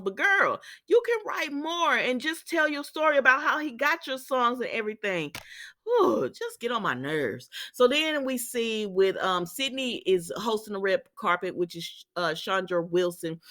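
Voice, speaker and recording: A woman chatting casually as she recaps a soap opera, animated and opinionated, with sassy asides and remarks aimed at the characters. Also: mid-range voice. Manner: drawn-out exclamations and sassy asides.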